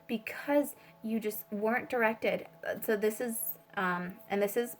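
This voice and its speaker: A woman's voice: mid-range voice, a little slow, faint music behind. A woman giving a casual spiritual tarot reading, rambling with many fillers and swearing freely. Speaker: tarot reader.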